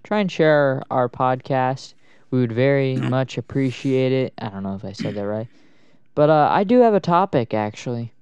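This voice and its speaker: A young man co-hosts a laid-back podcast, cutting in with jokes and slang. His voice is smooth and clean. The recording is dry, with no room echo. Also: medium pitch, expressive, moderate pace, darkish tone. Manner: joking, interjecting, slangy. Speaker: podcast co-host. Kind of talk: casual chat.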